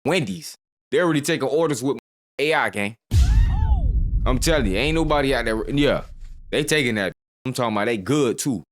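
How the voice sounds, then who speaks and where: Man, reaction host, hyped slangy pep talk, lively pitch. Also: brisk, pauses often, a little hiss or hum. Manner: hyped slangy pep talk, keeps repeating "gang" and "bruh". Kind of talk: reaction commentary.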